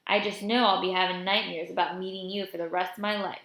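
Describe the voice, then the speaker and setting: A woman's voice: on the low side, little pitch movement, fast, fairly bright tone. A woman reading the part of a joking, fatherly older man who drives a car, in a storybook reading. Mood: teasing. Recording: roomy echo.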